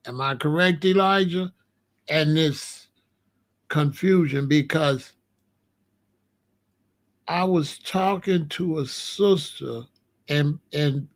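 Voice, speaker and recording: Slow-talking man host. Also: on the high side. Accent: African American. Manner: rambling, repeats and restarts, retells conversations. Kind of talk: casual commentary.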